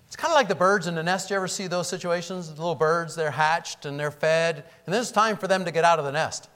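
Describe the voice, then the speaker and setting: A man preaching a sermon, acting out the voices he quotes and swinging between loud emphatic lines and low hushed ones. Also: quick pace. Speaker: pastor.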